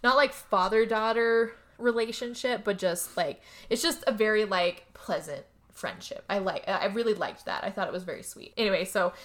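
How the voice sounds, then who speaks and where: Podcast co-host, woman, lively movie recap, offhand cursing. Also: mid-range voice, normal speed, hardly any pauses. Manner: animated storytelling, slips into character voices, casual swearing. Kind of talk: casual movie recap chat.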